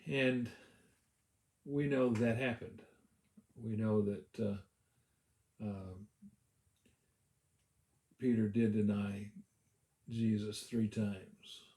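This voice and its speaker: A man's voice: on the low side, steady tone, very slow, pauses often, mellow, reverberant. A male pastor giving a casual devotional Bible teaching, talking conversationally with many "uh" fillers and restarts.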